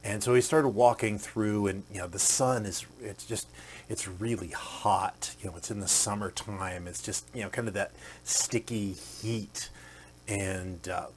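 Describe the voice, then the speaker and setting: A man's voice: fairly low pitch, steady tone, measured pace, slight background noise. A man hosting a podcast, telling a motivational story in a conversational way with many fillers and acting out the quoted characters. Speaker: podcast host.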